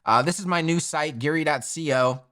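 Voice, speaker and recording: Guy doing a web design tutorial, bright forceful voice, a bit high, still getting over being sick. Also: moderate pace. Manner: upbeat, direct, repeats "okay?" for emphasis. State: voice still affected by recent illness. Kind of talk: screen-share tutorial.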